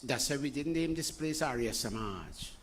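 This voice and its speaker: A man's voice: mid-range voice, animated, moderate pace, fairly bright tone. A man, giving an informal sermon to his congregation with rhetorical questions, jokey asides and scolding. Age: 60s. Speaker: spiritual teacher.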